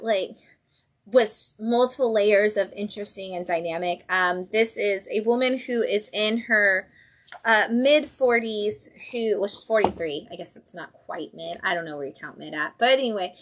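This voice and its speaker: A woman's voice: mid-range voice, a bit bright. A woman hosting a casual livestream, chatting enthusiastically about new comics and acting out characters' lines. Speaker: comic shop host.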